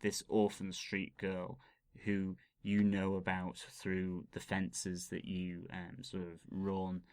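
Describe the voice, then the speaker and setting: A man's voice: sits low, completely flat delivery, takes it slowly, darkish tone, smooth, no echo, studio quality. A man co-hosting a podcast, explaining scenes and slang in an enthusiastic, chatty way. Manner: enthusiastic and explanatory, describing scenes with some fillers. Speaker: podcast co-host. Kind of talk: casual podcast chat.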